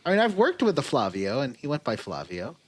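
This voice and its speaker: A man's voice: mid-range voice, wildly swooping pitch, dry recording. A man co-hosting a casual podcast, playful and jokey as he chats about a game. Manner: playful, jokey, quick to laugh. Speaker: podcast co-host.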